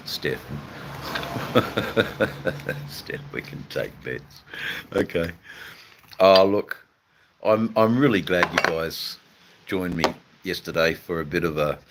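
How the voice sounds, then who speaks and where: Laid-back deep-voiced Australian man. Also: noisy background. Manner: laid-back, rambling, drawn-out fillers, swears casually. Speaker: livestream host chatting with viewers. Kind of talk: casual live chat.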